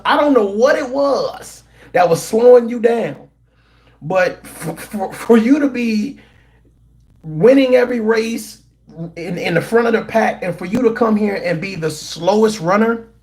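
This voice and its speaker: Animated high-pitched man ranting to chat. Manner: animated, incredulous, repeats himself and restarts often. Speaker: commentary vlogger. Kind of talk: opinionated commentary to a live chat.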